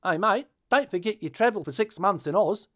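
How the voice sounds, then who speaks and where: A man's voice: sits high, animated, fairly quick, fairly bright tone. A man doing a brash Aussie bloke. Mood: jokey. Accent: Australian. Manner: brash, jokey. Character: brash Australian mate.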